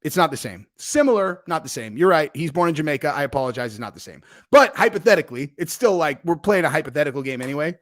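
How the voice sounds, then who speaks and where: A man hosting a casual livestream, rambling loosely with frequent fillers and swings from loud to quiet. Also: on the high side, fast, few pauses. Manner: animated swings in loudness. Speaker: host.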